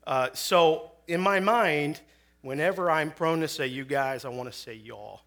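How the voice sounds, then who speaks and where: A man's voice: a little high, a little slow, a bit bright. A man in his forties from Chicago, preaching as a guest speaker with personal testimony, conversational, with joking asides and frequent fillers.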